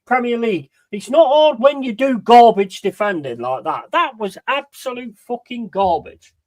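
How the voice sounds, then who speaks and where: A man's voice: very high voice, sing-song, normal speed, dry recording. Sweary man ranting over a match. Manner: heavy swearing, ranting and frustrated; banters with chat and gives shout-outs. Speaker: football watch-along streamer. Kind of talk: live match watch-along commentary.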